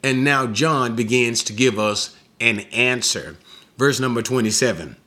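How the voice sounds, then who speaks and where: A man preaching an expository sermon, teaching slowly and deliberately and pressing points with emphatic rising questions. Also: mid-range voice, bright, forceful tone. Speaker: pastor.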